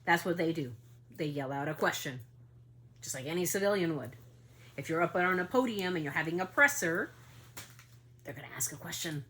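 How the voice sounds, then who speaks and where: A woman's voice: lowish voice, animated, brisk, fairly bright tone. A woman hosting a family podcast in a casual monologue, heated and indignant, swearing as she talks about being upset. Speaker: podcast host.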